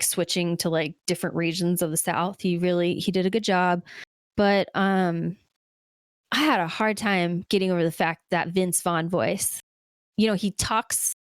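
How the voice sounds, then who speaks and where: A woman with a fairly low-pitched voice co-hosts a podcast, chatting casually about a movie. Recorded dry with studio quality, she rambles along with plenty of fillers.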